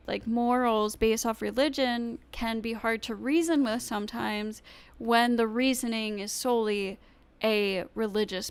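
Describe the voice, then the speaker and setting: A woman on a live stream talks over a video in a clear, smooth, slightly high voice. She speaks slowly and loosely, pausing on ums and restarting her sentences as she thinks. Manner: halting, many ums and restarts. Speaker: streamer reacting to a debate. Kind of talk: casual live-stream commentary.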